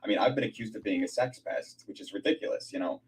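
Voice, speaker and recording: Husky low man, far from mic. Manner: halting, filler-heavy prank questioning. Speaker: video chat guest. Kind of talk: casual video call chat.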